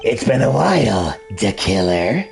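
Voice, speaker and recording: A protective man speaks in a low, gravelly, slow-paced voice with lively rises and falls, politely firm, as a man acts him out. Faint game music runs behind. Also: full character voice.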